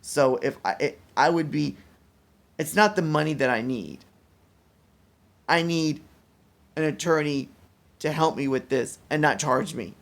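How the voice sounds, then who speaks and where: A mentally exhausted man talking in a casual personal vlog, weary and rambling, with halting restarts. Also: a little high, gravelly. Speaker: vlogger.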